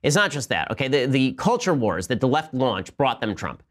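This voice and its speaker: A man hosting a political talk show, with a fast, sarcastic and combative delivery full of asides. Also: medium pitch, very animated, a bit bright. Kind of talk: fast opinionated commentary with ad read.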